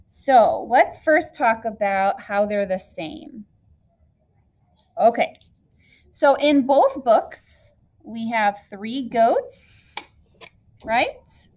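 Woman teacher, clear expressive read-aloud, voice a bit high, storybook lesson for a class. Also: extremely slow, long pauses, rough recording.

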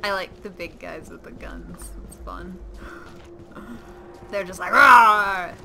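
A young woman giving excitable, giggly let's-play commentary at home while gaming. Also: fairly low pitch, slow pace, over music. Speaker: gamer. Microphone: webcam or desk mic. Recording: noisy game audio behind.

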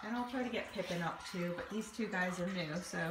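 Woman, cat-boarding host, slow cooing baby talk with whispers, phone mic held off in a roomy space with background noise. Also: lowish voice, distant mic. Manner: cooing sing-song baby talk, soft whispers to the cats. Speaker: cat boarding host giving owners updates. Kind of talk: casual updates and baby talk to cats. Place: indoor cat boarding room. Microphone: handheld phone camera.

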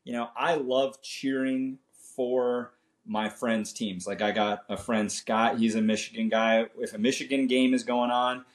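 This guest, a chiropractor from Canada, speaks a little slowly with a medium pitch and a flat delivery. In the casual conversation he comes across earnest and faith-filled, frequently tagging lines with "right?" and using "man."

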